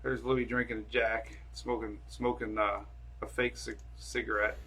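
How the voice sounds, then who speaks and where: A man's voice: on the low side, flat delivery, moderate pace, pushed and bright, breathy edge. A man hosting a casual weather live stream from home on his phone camera, rambling and chatty as he talks to viewers and his dogs.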